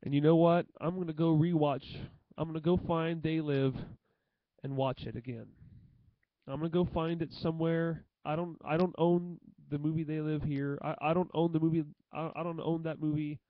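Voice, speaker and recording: A young man talking to the camera in an emotional tribute monologue, halting and often repeating himself. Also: fairly high pitch, fairly even intonation, dry recording, narrow, tinny audio. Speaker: vlogger.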